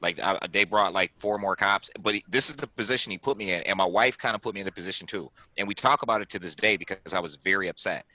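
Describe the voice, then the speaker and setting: A man in his forties, a podcast host, telling a story on a video call in an animated, emphatic way, often repeating himself and acting out what people said. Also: sits low, fast, few pauses, rough recording. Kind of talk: casual storytelling chat.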